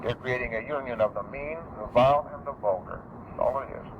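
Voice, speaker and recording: A man delivers a public speech in an emphatic, insistent way, hammering his key phrases again and again. His voice sits at an ordinary middle pitch. The tape is dull and lo-fi, with a faint hiss of noise underneath. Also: a little fast, vocal fry. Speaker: public speaker.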